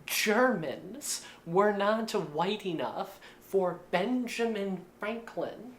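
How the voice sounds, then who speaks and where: A woman's voice: medium pitch, animated, drawn-out words, slight background noise. A woman narrating a video essay in a casual way, with lots of filler words. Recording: roomy echo.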